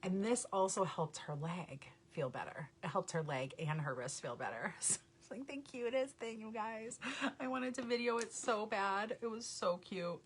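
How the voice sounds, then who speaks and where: A woman's voice: medium pitch, animated, normal speed, a little hiss or hum. A woman hosting a live makeup tutorial, chatting casually, laughing often and greeting viewers by name. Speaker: makeup vlogger, mother.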